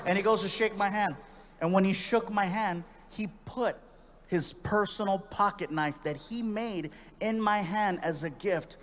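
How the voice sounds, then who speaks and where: A man telling a story as a stand-up comedian, in an animated, jokey manner that slips into acted-out voices. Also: high voice, unhurried, slight background noise.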